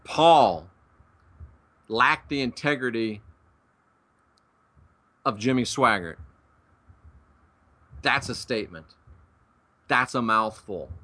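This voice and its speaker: A man's voice: mid-range voice, slow, pauses often, pushed and bright. A man lecturing viewers on the Bible in an emphatic, preaching style, with folksy asides and jokes. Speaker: Bible teacher.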